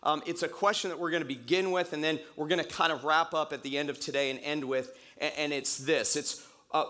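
A pastor recovering from a cold, preaching a conversational sermon in church and repeating key phrases slowly for emphasis. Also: male voice, on the high side, steady tone, pushed and bright.

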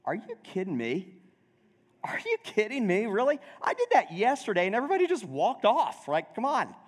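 A man's voice: high voice, breathy edge, voice pushed up, exaggerated voice. A male pastor putting on the voice of an indignant, jealous grown sibling who complains with sarcastic, incredulous questions. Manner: exasperated, incredulous repeated questions. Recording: long reverb of a big room.

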